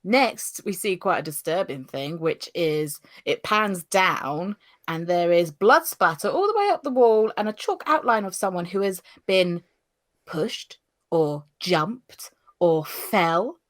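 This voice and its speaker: A woman's voice: mid-range voice, measured pace, hardly any pauses. A woman co-hosting a podcast, chatting casually and dramatically as she recaps an anime episode. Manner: animated, dramatic, gasps and laughs. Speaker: podcast co-host.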